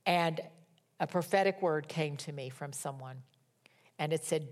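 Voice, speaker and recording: A woman's voice: low voice, unhurried, pauses often. Woman preaching a dramatic sermon. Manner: dramatic, rising to loud emphatic peaks, dropping to whispers. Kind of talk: sermon with scripture reading.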